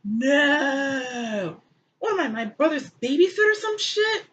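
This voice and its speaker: A woman's voice: high voice, lively intonation, measured pace, fairly bright tone, pitched above the performer's own voice. A woman voicing a whiny, defensive young man who speaks in slang.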